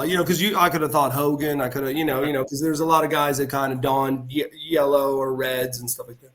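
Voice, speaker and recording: A man's voice: medium pitch, brisk. A middle-aged man, a former pro wrestler guesting on a podcast, telling a long heartfelt story with plenty of restarts and acted-out dialogue. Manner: rambling anecdotes with frequent restarts and retold dialogue; animated, heartfelt delivery. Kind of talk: casual storytelling in a podcast interview.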